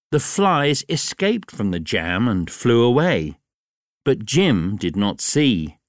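Slow, very expressive male storyteller. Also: no echo, studio quality. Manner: very slow, clear, highly expressive reading. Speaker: narrator. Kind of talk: graded reader storybook narration.

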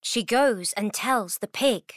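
A woman reading a simple children's story aloud slowly, as a teacher. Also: medium pitch, no echo, clean studio sound.

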